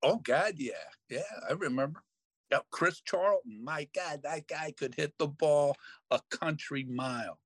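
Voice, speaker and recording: An older man hosting a podcast, telling a long story in a lively, self-mocking way and slipping into other people's voices. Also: fairly high pitch, unhurried, no echo. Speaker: podcast host. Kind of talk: storytelling in casual chat.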